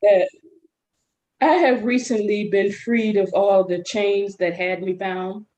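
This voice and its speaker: A woman speaks very slowly on a group video call, sharing a spiritual testimony. She is earnest and leaves long pauses between her thoughts. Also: medium pitch, fairly even intonation, dark tone, lo-fi sound. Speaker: group member.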